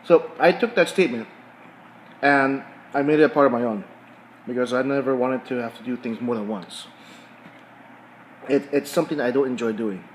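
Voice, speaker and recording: A middle-aged man tells a story in a casual vlog, chewing his food as he talks. He often repeats words and backs up to restart his phrases. His pitch sits at an ordinary middle level for a man, with a faint hum of noise behind him. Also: moderate pace, long pauses, poor audio. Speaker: vlogger.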